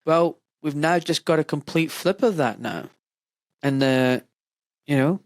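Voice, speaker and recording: A man's voice: a little high, unhurried, no room sound. A man hosting a podcast interview, talking with passion and building rhetorical arguments. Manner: impassioned, rhetorical, mimics voices of others. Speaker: podcast host.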